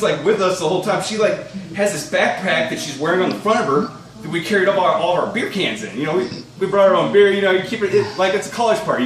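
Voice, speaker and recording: A young man telling a rambling, profane personal anecdote, laughing through it as he goes. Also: high voice. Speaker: storyteller. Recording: echoey room, distant mic, faint noise.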